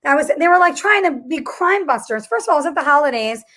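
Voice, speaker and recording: A woman's voice: high voice, expressive, fast, pushed and bright. A woman co-hosting a comedy podcast, telling stories in an emphatic, indignant way. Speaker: podcast co-host. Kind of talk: comedic casual chat.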